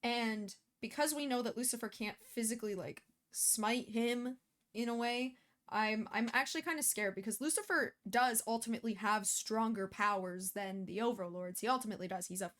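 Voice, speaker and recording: A woman's voice: on the high side, moderate pace, a bit bright. A woman hosting a reaction video, talking casually and emotionally, with many fillers and restarts.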